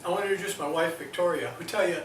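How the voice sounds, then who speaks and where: A man's voice: on the high side, racing, slight background noise. Middle-aged man speaking in an echoey room. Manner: earnest, hesitant with fillers. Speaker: liver transplant recipient giving a talk. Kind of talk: presentation to an audience. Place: hospital meeting room. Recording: echoey room, mic from a distance.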